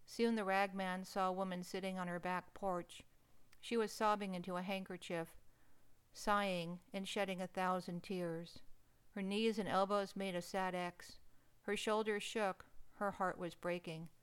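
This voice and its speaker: A woman narrating a first-person story in an expressive, emotional reading. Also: medium pitch, a little slow, clear, resonant tone.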